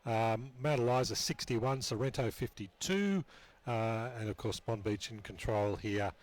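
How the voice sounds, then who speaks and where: A man's voice: fairly low pitch, a little slow. A man reading out football scores on radio, with many ums and uhs. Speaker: scores update presenter.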